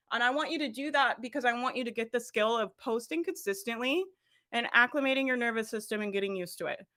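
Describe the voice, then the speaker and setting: A woman giving an energetic motivational coaching talk as a business coach, laughing often and addressing listeners directly. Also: a little high.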